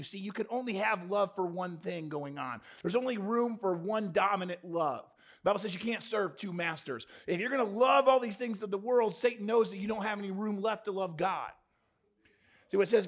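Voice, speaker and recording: Male pastor, high for a man, gravelly; punchy rhetorical sermon delivery with jokey asides. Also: normal speed, fairly bright tone. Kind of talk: lively sermon to a live congregation. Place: church before a congregation.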